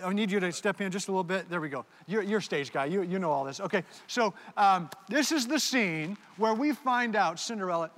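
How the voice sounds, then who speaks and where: A man's voice: high voice, a bit bright. A man preaching a sermon, animatedly directing volunteers on stage. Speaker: pastor. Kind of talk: sermon with audience participation skit. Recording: long hall reverb.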